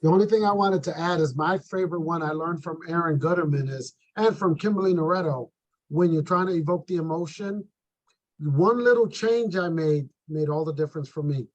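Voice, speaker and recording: A man sharing sales tips with his team in a measured, earnest way. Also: a little high, no echo, dull audio. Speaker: insurance agent.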